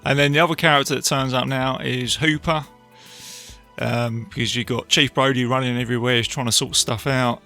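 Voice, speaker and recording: A man hosting a podcast, casually retelling a film with animated asides to his listeners. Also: medium pitch, a little fast, creaky, soft background music. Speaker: podcast host reviewing a film. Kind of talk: casual film review talk.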